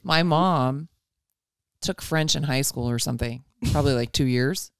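A woman co-hosting a casual podcast, telling animated stories and laughing often. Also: a bass voice, normal speed, smooth, no echo. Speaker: podcast co-host. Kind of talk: casual chat. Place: living room at parents' house.

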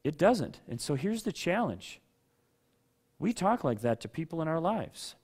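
A man's voice: fairly high pitch, very animated, measured pace, husky. Conversational male pastor preaching. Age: adult with children. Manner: conversational preaching, rising to loud rhetorical outbursts; calls on listeners by name. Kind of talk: sermon.

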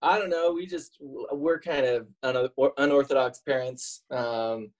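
A man's voice: medium pitch, unhurried, poor audio. A man in his forties, a podcast guest, chatting casually and telling jokey, self-mocking stories. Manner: joking, self-mocking storyteller. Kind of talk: casual interview chat.

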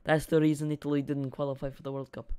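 A young man streaming a football watch-along, rambling and excitable as he chats with his viewers. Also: fairly high pitch, fast, smooth.

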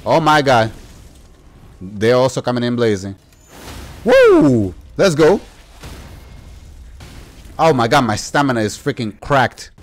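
A young man giving casual gameplay commentary as a YouTuber, excitable and slangy, yelping and talking back to enemies. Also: medium pitch, moderate pace. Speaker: gaming YouTuber.

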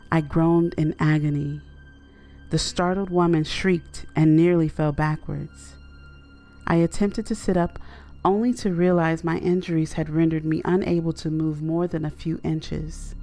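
A woman reads a horror story in a measured, low-key manner. Her voice is low and dark, the pace unhurried, with faint music behind. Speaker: narrator. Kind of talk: scripted horror narration.

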